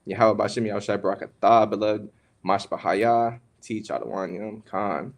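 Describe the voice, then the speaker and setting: A young podcast co-host with a lowish voice speaks at a normal speed with fairly even intonation. He gives casual religious teaching on marriage in a conversational, preachy way, calling listeners "man" and "bro."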